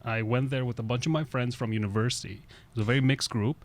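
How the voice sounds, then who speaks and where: This man, raised in Russia, hosts a casual podcast and talks fast in a medium-pitched voice with fairly even intonation. His style is relaxed and conversational, with frequent "you know" fillers.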